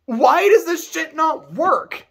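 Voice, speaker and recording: A man's voice: very high-pitched, expressive, slow pace, creaky. A man giving a casual, sarcastic and profane rant as a video game reviewer.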